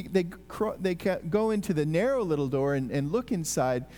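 A man giving a sermon, explaining a passage in a conversational, animated way with frequent restarts. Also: high voice, a little slow, big-room sound. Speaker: preacher.

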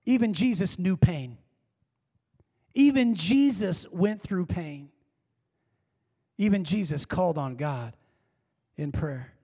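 A man preaches with a bright, high-pitched voice, leading his congregation in call-and-response. He moves between strong, emphatic lines and soft, hushed phrases. His voice rings out in a church with a long, lingering reverb. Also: animated, slow pace, long pauses. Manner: dynamic, swinging from emphatic calls to hushed words. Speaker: pastor. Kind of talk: sermon. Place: church sanctuary.

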